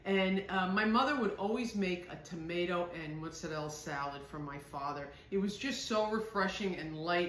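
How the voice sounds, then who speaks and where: A woman's voice: lowish voice, fairly bright tone, roomy sound, slight background noise. A middle-aged woman from northern New Jersey with a New Jersey accent, chatting homily while she makes a salad in her kitchen. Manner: chatty, homey, reminiscing. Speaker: home cooking host. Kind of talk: casual cooking demonstration.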